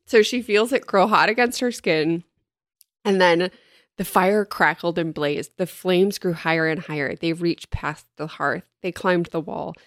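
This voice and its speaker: A woman's voice: lowish voice, a little slow, dry recording, studio quality. A woman in casual podcast chat, reading horror passages aloud dramatically and laughing often. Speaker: podcast co-host recapping a book.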